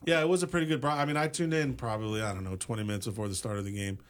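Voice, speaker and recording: A man's voice: fairly low pitch, steady tone, very fast. A man co-hosts a casual sports talk show. His delivery is easygoing and agreeable. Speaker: radio co-host.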